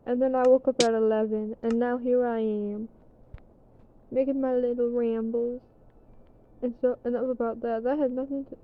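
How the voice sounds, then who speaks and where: A young woman rambling casually in a vlog, tired and yawning, swearing now and then. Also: on the high side. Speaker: vlogger. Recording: dull lo-fi sound with faint background noise.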